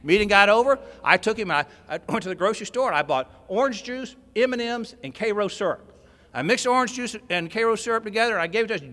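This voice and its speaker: At a recovery convention, a man leading a workshop tells a personal story to the audience in a large hall with long reverb. He talks fast and animatedly, climbing to near shouting in excited stretches, then dropping to low, quiet asides.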